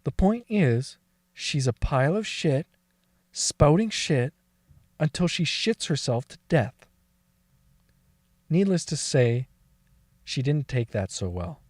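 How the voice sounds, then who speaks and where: A man's voice: on the high side, big pitch swings, slow pace, long pauses, a little mellow, no echo, clean studio sound, exaggerated voice. A man playing a foul-mouthed, bitter amnesiac. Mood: scornful. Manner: swears constantly, blunt and scornful. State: crying and laughing. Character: bitter crude brain-injured man, memory lost. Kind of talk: audio drama monologue.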